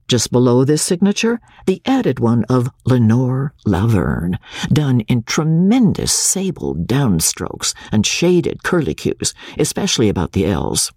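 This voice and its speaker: A man narrating a novel in an expressive, theatrical reading style. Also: mid-range voice, gravelly, husky, no echo, studio quality. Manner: animated, theatrical delivery. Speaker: audiobook narrator.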